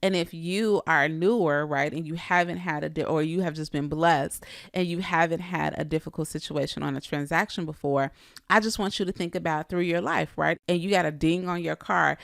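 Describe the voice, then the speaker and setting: A woman coach talks straight to her audience in a low voice. Her tone has a gravelly edge, and the sound is dry, with no room echo. She keeps asking her listeners direct questions. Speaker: real estate coach. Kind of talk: coaching talk to agents.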